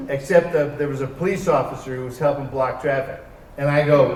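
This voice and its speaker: A man on a convention stage telling wry, animated anecdotes to a live audience, acting out the dialogue in them. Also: a little high, moderate pace, a little hiss or hum. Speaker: convention panel guest. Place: large convention arena stage. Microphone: heard from far off by a camera in the hall. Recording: echoey hall recorded from far off.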